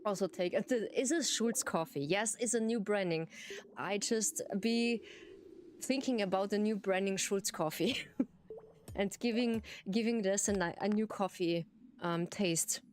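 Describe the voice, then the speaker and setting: A woman's voice: medium pitch, a little slow, a little hiss or hum. A woman with an Austrian accent, a native German speaker, chatting casually with viewers while streaming a game, giggling and often repeating herself. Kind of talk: casual livestream chat.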